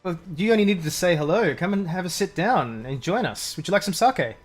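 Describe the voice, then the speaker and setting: A lonely spirit warrior in a tabletop game, eager to share his fire, pressing sake on a stranger with a lifted, brighter voice as a man puts him on. Hospitable to the point of strange, teasing without meaning harm. Gentle music runs faintly beneath. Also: sits high, animated, a little fast, pitched above the performer's own voice. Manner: overly hospitable, playfully odd. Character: friendly lonely male forest spirit warrior.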